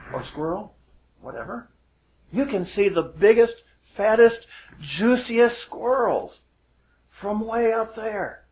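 A man doing a wise old coaxing owl. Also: high-pitched. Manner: coaxing, savoring descriptions. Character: wise old male owl, patient and encouraging. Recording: roomy, dull lo-fi recording.

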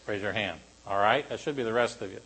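A man's voice: lowish voice, fast talker, husky, poor audio. Man preaching with dynamic swings. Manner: animated preaching, dropping to quiet emphasis. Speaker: pastor. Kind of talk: sermon.

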